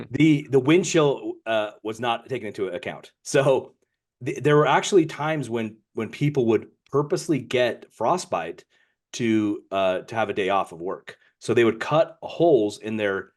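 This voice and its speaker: A podcast co-host on a book show talks casually and unhurriedly in a medium-pitched voice with lively intonation. He rambles, repeats words as he restarts, and reads passages aloud.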